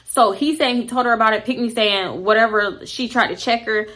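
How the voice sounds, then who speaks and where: A young woman with a Houston, Texas accent telling a story to camera, blunt and animated, swearing freely and acting out what people said. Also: fairly high pitch, a little fast. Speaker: storytime vlogger.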